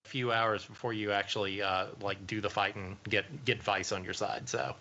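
A man's voice: on the low side, fairly even intonation, moderate pace, sharp tone, dull audio, slight background noise. A man co-hosting a podcast in casual chat, explaining details in a patient, easygoing way. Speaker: podcast co-host.

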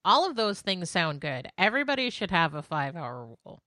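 A woman co-hosting a gaming podcast in casual chat, brisk and blunt. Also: fairly low pitch, very animated, sharp tone, no room sound, clean studio sound. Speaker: podcast co-host.

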